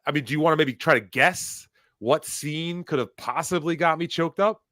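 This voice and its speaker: The host's voice runs on the high side at normal speed, bright and forceful, with no echo and clean studio sound. He rambles through the casual chat, cursing freely, emotional, and full of fillers and restarts.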